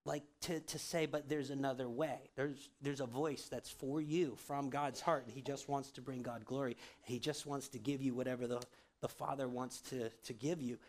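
A man's voice: medium pitch, steady tone, moderate pace. A man preaching a sermon in a casual, conversational way, often checking in with the congregation. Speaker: pastor.

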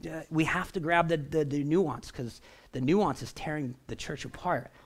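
A man preaching a sermon in a relaxed, conversational way, often checking in with the congregation. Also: on the high side, normal speed. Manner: animated, conversational, asks the crowd for response. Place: church.

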